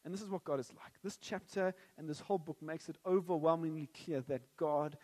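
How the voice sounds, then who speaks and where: A man delivers a sermon in a church. His voice is high and ringing, with long reverb trailing off the hall walls. He mixes light jokes with earnest prayer. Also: brisk, hardly any pauses. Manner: jokey and animated at first, then earnest and prayerful. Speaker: preacher.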